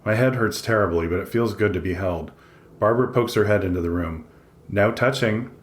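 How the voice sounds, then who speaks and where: A man's voice: low voice, a little fast. A man reading a first-person audiobook in a dry, introspective way. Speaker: audiobook narrator. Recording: echoey room.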